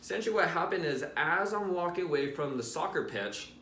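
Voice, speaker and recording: Bright-voiced young man telling a testimony. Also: on the high side, brisk, roomy sound, a little hiss or hum. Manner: casual and animated, addresses viewers directly with "right?" and "you guys". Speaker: Christian vlogger. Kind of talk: personal testimony storytelling.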